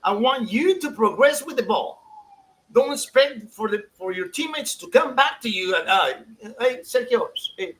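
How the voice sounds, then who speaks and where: A man's voice: extremely high pitch, animated, moderate pace, a bit bright, slight background noise, voice pushed up, rough recording. A man putting on the voice of an exasperated male soccer coach lecturing a player, in a mocking sing-song manner.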